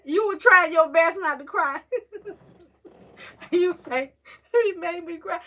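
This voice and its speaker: Woman livestream host, high and bright, chatty and emotional with her chat. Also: takes it slowly, long pauses. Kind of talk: casual live-stream chat with viewers.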